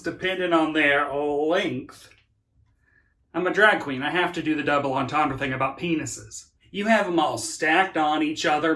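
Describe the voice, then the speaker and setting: A man in drag as a drag queen, hosting a comedic vlog from his home office in a sassy, theatrical manner that swoops up into high exclamations. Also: fairly bright tone. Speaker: drag queen comic vlogger. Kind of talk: campy comedic vlog monologue.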